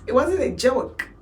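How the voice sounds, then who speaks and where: Nigerian woman telling her story. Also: medium pitch. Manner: animated, mixes in Pidgin, laughs to hold back tears. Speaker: makeup artist vlogger. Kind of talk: casual storytelling vlog.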